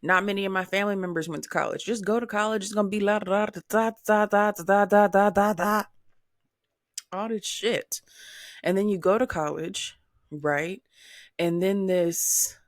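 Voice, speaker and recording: A woman in her twenties hosting a solo podcast, talking candidly and animatedly, with swearing and high-pitched mimicry of other people. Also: no echo, studio quality. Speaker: podcast host.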